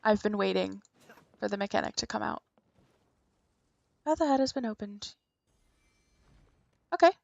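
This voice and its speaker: A woman's voice: mid-range voice, animated, normal speed, creaky, long pauses, no echo, highs cut off. A woman streamer giving casual, playful commentary while playing a video game, with wry asides.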